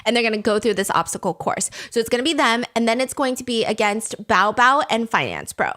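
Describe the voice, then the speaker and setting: A woman recaps a story in a lively, casual way, laughing often and dropping the odd swear word. Her voice sits a little higher than most. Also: a little fast. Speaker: host.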